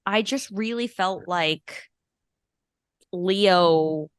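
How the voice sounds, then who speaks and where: A woman's voice: lowish voice, extremely slow, smooth, no echo. Young woman from long island chatting on a movie podcast, loose and filler-heavy, dry close mic. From Long Island, New York. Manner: chatty, lots of fillers and laughs. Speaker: podcast co-host. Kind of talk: casual chat.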